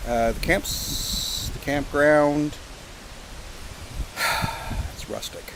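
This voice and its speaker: A man's voice: on the high side, drawn-out words. A man from Canada chatting casually outdoors at a campsite, rambling and joking with some profanity. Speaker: pipe-smoking vlogger. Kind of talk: casual outdoor vlog chat. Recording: outdoor recording with clear wind and background noise.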